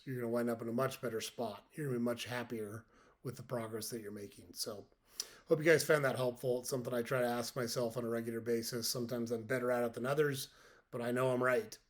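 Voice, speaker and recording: A man in his fifties, a podcast host, giving an earnest, direct motivational monologue and repeating his key points for emphasis. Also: mid-range voice.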